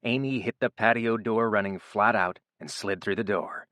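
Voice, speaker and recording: A man narrating an audiobook in a steady, even storytelling voice. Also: on the low side, normal speed, no echo. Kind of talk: scripted narration.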